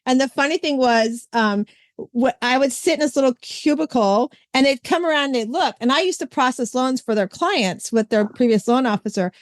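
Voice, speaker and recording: A woman's voice: sits high, moderate pace, no room sound, clean studio sound. Chatty woman podcast host. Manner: chatty, retells stories in lively quoted voices. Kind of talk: casual chat.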